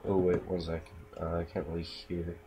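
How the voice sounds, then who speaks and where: In a noisy home recording full of keyboard clicks, a man mumbles casual commentary and talks to himself during gameplay in his room. His voice is low and level, at normal speed.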